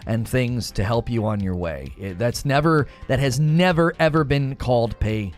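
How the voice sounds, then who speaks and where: A man hosting a live gaming talk stream, arguing with his chat and answering it directly in an animated way. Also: mid-range voice, moderate pace, faint music behind.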